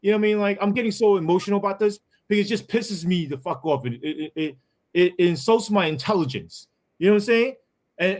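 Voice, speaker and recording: A man, a former police sergeant who tells his story as a podcast guest in a heated, profane way, full of asides. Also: on the high side.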